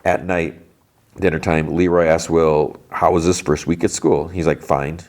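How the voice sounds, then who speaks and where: A man's voice: low-pitched, level tone, moderate pace, darkish tone. A man hosting a podcast, casually retelling a TV episode scene by scene, full of "like" and quoted lines. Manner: retells scenes loosely, peppered with "like" and quoted dialogue. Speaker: podcast host.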